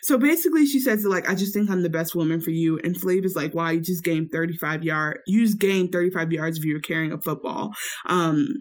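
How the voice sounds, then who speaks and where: A woman co-hosting a podcast, telling a story in casual chat and acting out quotes with sudden jumps in pitch. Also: steady tone, a little fast. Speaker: podcast co-host recapping a reality show.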